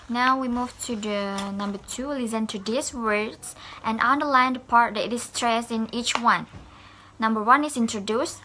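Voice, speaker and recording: Bright-voiced woman presenting a class exercise. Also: on the high side, slight background noise. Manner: hesitant, with fillers and self-corrections. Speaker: student presenter.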